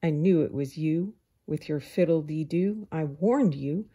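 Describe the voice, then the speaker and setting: Woman putting on a fussy male ant, fretful and exclaiming, raised pitch, husky storybook voice. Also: unhurried, warm tone. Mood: scolding. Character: fussy hardworking male ant, anxious counter.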